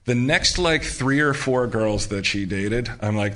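A man's voice: mid-range voice, unhurried, sharp tone. A man telling blunt, profane stories in casual chat.

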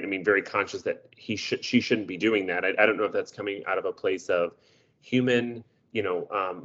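A man's voice: low-pitched, a bit bright, lo-fi sound. A man thinking aloud in a casual discussion, often checking in with "right?". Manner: thoughtful, agreeable, lots of "right?".

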